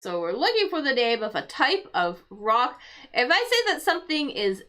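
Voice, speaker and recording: A woman's voice: fairly high pitch, big pitch swings, moderate pace, sharp tone. A woman hosting a casual crossword livestream for English learners, thinking aloud and explaining word meanings patiently.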